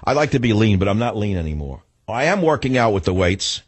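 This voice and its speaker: Ranting, husky-voiced male radio host. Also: fairly low pitch, very animated, fairly quick. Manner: ranting, indignant, theatrical. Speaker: radio talk show host. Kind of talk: talk radio monologue. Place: radio studio. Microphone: studio microphone.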